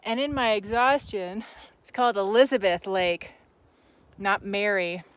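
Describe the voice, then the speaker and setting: Pushing her bike up a steep mountain path, a woman vlogs with a mid-range voice and measured pace. Her casual to-camera talk is winded and fed-up, peppered with the odd curse, and music runs underneath.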